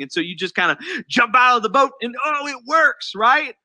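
A man preaching a sermon, animated and acting out the voices of the people in the story he tells. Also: extremely high pitch, normal speed. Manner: animated, acts out quoted voices. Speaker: pastor.

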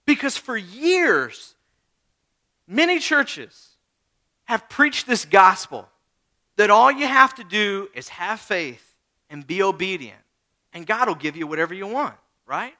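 A man's voice: extremely high pitch, bright, forceful tone. A man in his thirties preaching a sermon, talking conversationally with rhetorical questions and repeated phrases. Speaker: pastor.

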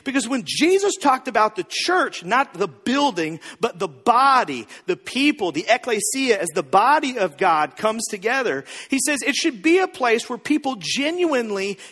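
A man preaching a sermon as pastor, telling the story in an animated, joking way. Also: very high-pitched, moderate pace, few pauses, long reverb tail. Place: church.

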